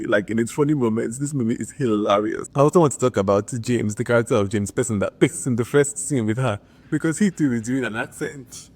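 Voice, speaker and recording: Guy doing a chatty movie review, mid-pitched voice, keeps saying like. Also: a little fast, few pauses, darkish tone. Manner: chatty and enthusiastic, with frequent filler "like". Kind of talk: casual movie review to camera.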